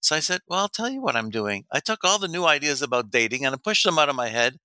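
Talking fast in a voice on the high side, a middle-aged dating coach for men tells casual stories in a dry recording. He animates them by acting out quoted dialogue, laughing often.

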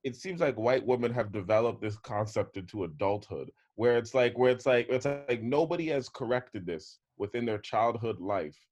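A man's voice: mid-range voice, animated, moderate pace, hardly any pauses, darkish tone. A young adult man talking in casual chat, emphatic and repeating his points.

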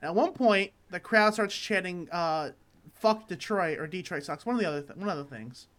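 A man's voice: sits high, expressive, a little fast, a bit bright. Tired young man rambling profanely. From Michigan. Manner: rambling, profane storytelling full of restarts. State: tired, voice not yet warmed up. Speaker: podcast co-host. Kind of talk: casual comedic chat.

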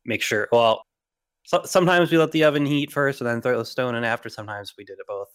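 A man's voice: medium pitch, fast talker, a bit bright, smooth, dry recording, studio quality. A young man with a slight Long Island accent, co-hosting a casual podcast debate, blunt and opinionated and swearing freely. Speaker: podcast co-host.

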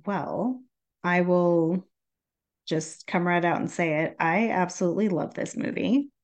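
A woman's voice: fairly low pitch, measured pace, darkish tone. A woman in her thirties co-hosting a casual podcast, talking frankly and swearing now and then. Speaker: podcast co-host.

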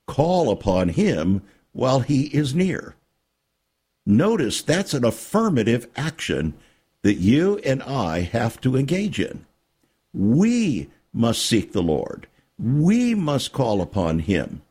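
A man hosting a Christian radio talk show, preaching with emphasis and dramatic pauses. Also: mid-range voice, wildly swooping pitch, darkish tone, breathy edge. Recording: radio studio.

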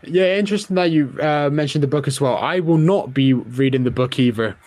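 A man's voice: a little high, brisk, a little mellow, no room sound. A man hosting a podcast, chatting casually and jokily as he gives his opinions on a film. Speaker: podcast host. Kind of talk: casual film review chat.

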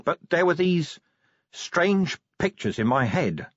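Weary gruff watch commander, storybook read, a man voicing him, husky, lo-fi. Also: fairly high pitch, very animated, slow, a bit bright, dry recording, voice pushed up, exaggerated voice. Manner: blunt, wry.

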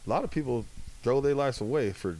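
A man's voice: medium pitch, fast talker, slight background noise, poor audio. A man co-hosting a podcast, telling stories in casual chat and swearing freely. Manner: storytelling, animated, swears freely. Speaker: podcast co-host.

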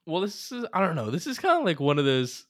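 A young man co-hosting a sports podcast in casual chat, rambling with many fillers and breaking into animated laughter. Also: a little high, quick pace, dry recording, clean studio sound. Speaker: podcast co-host.

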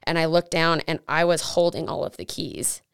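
Young woman co-host, low and gravelly, earnest testimony, dry sound. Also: steady tone, moderate pace, dry recording. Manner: earnest testimony, many likes and restarts. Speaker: podcast co-host. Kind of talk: faith podcast chat.

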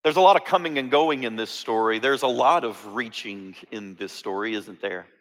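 A man's voice: on the low side, moderate pace, fairly bright tone. Man preaching, dramatic quoted lines, reverberant church hall. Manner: dramatic, shifts voice for quoted lines, jokey asides. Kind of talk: sermon. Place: church sanctuary.

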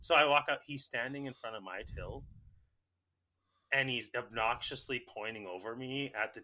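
A Canadian man cohosting a podcast, telling animated stories in casual chat and swearing a lot. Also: mid-range voice, low-quality recording.

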